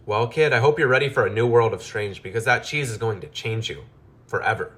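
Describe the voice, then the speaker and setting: A man's voice: mid-range voice, a little fast, fairly bright tone, natural voice. A man voicing an exasperated male mad-scientist mouse who grumbles and scolds wearily in a storybook tale.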